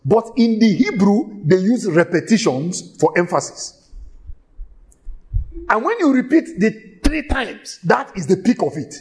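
Emphatic high-voiced male preacher. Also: very animated, darkish tone. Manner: emphatic, repeats phrases for stress, drawn-out delivery. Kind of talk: sermon.

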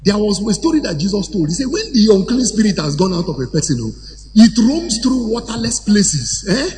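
A man preaching a sermon to a congregation, animated and at times shouting or chanting phrases. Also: high-pitched, fairly quick. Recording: hall reverb with faint ambience.

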